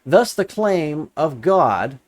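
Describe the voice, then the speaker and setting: This religious commentator, a young adult man, reads out a comment and then rebuts it casually, sounding sarcastic and exasperated and repeating lines to drive points home. His slow-paced voice is a little high, with big pitch swings.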